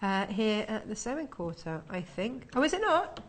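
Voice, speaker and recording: A woman's voice: medium pitch, sing-song, normal speed. A woman presenting a live shopping channel from a TV studio, chatting and selling in upbeat patter.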